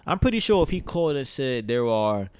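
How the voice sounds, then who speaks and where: A man's voice: medium pitch, big pitch swings, brisk, a little mellow, clean tone, dry recording, studio quality. A man co-hosting a podcast, talking loose and profane in casual chat. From Ghanaian family. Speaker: podcast co-host.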